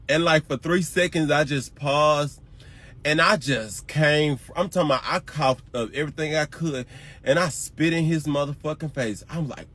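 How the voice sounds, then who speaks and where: Animated man telling a dramatic story. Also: a little high. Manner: emotional, profane, acts out quoted lines. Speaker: storyteller in a social media clip.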